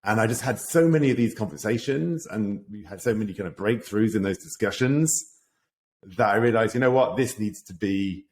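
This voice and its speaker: A middle-aged British man talking casually as an interview guest, relaxed and thoughtful with frequent fillers. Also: lowish voice, a little fast. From Britain. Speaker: guest, executive coach. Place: home office in Paris.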